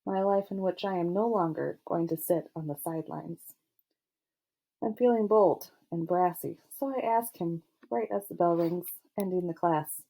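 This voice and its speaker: Woman narrator reading a first-person story aloud, wry and self-mocking, low warm voice. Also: normal speed. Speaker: audiobook narrator.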